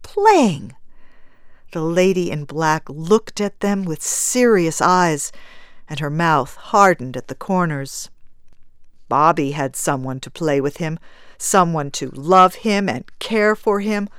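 A woman narrating a story in a measured, even storytelling manner. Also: low voice, clear, resonant tone, dry recording, studio quality.

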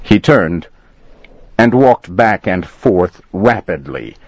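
A man reading a story aloud slowly and deliberately as narrator. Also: deep voice, no echo. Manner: slow, deliberate, expressive. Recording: dull lo-fi dry recording.

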